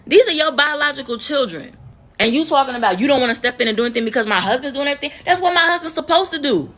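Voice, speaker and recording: A woman's voice: high-pitched, lively intonation, very fast, fairly bright tone. A woman in her thirties from the United States, a nurse, telling a heated, profane story to her viewers and repeating words for emphasis. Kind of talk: emotional storytime vlog.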